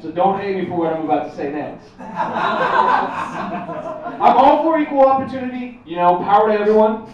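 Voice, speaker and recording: A man from Texas doing stand-up, his voice high and swooping as he jokes with the room. He is heard from a distance in a very echoey pub, the sound dull and muffled, with a crowd around him. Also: a little fast, long pauses. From Texas, USA. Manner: animated, conversational, frequent asides to the crowd. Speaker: stand-up comedian. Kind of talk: stand-up comedy set. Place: comedy night in a pub.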